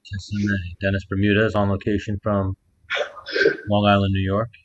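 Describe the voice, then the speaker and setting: A man with a fairly low voice co-hosts a podcast from a rented house. He tells his story in a loose, profane way and punches up the quotes. The sound is muffled and lo-fi, like a remote call. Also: normal speed, slight background noise. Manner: animated storyteller, acts out quotes loudly. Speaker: podcast co-host. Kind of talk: casual storytelling chat.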